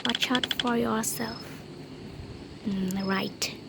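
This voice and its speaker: Nervous woman gamer with a gravelly voice. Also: on the high side, fairly even intonation, extremely slow, heavy background noise. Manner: nervous, pleading, often whispering. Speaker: gamer playing a horror game. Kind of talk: casual gameplay commentary. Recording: loud typing and clicks behind.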